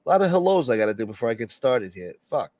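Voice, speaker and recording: A man's voice: medium pitch, sing-song, fast talker, a little mellow, no room sound, dull audio. A man hosting a casual live stream, joking and swearing as he greets viewers by name and asks for support. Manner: profane, joking, reading out viewer names. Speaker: livestream host.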